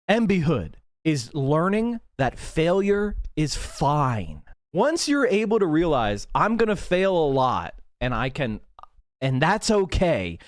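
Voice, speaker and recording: Ranting on his political livestream, a Pennsylvania man drives home each point with furious, foul-mouthed emphasis, his fairly high male voice leaping up and down. The recording sounds dry and up close, free of any room ambience or echo.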